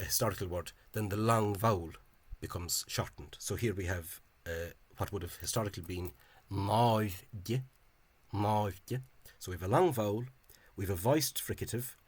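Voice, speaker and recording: A man's voice: deep voice, normal speed, slightly rough. A man giving an informal, digressive explanation in a video, thinking aloud in a scholarly way. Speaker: Irish-language spelling enthusiast.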